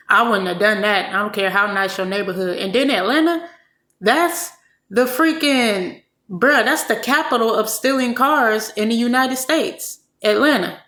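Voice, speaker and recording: Slangy bright-voiced woman vlogger. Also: medium pitch, echoey room. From California. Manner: slangy, emphatic, repeats herself. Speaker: vlogger commenting on a clip. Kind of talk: casual commentary.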